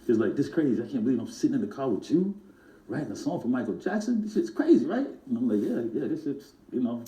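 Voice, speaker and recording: A man, a music producer and guest, telling stories in an animated way and acting out the voices of the people in them. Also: mid-range voice, fast, reverberant, rough recording. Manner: acts out other people's voices in his stories. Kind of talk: animated storytelling.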